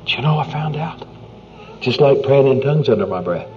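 A man preaching a sermon in an earnest, conversational way, often dropping to a hushed near-whisper. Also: medium pitch, animated, brisk. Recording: dull lo-fi recording with faint music.

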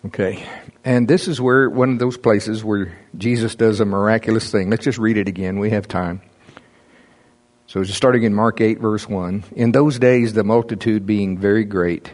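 A man's voice: on the low side, moderate pace, a little mellow. A man preaching a casual, conversational sermon, reading scripture and explaining it with frequent chuckles.

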